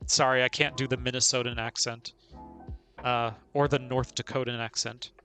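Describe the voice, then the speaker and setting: A man's voice: medium pitch, flat delivery, moderate pace, sharp tone, faint music behind. A man streaming a video game live, chatting casually, narrating his moves and laughing often. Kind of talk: casual live gameplay commentary.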